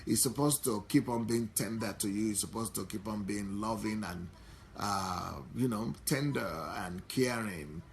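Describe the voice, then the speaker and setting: A Nigerian-accented pastor preaches in a fairly low voice, restating each point and leaning on fillers as he goes. Faint background ambience sits behind his voice. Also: gravelly, slight background noise. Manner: unhurried, repetitive preaching with many fillers. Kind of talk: sermon.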